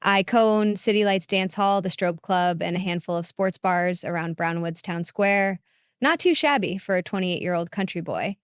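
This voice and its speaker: Woman reading a first person story, lowish voice, smooth, close dry recording. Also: moderate pace, dry recording. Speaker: narrator.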